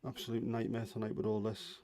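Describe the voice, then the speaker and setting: A middle-aged man hosts a casual livestream from home, talking in a chatty, grumbling way and poking fun at himself. His voice sits on the low side. The sound is dry and close, with no room echo. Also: monotone, fast talker, gravelly, warm tone. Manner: chatty, grumbling, self-deprecating. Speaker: livestream host. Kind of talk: casual chat.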